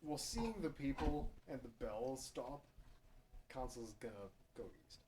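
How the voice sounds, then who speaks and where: A man's voice: medium pitch, lively intonation, unhurried, warm tone, slight background noise, poor audio. A man playing in a tabletop game, joking and teasing the others while stating his moves. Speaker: player. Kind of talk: casual chat in a tabletop game.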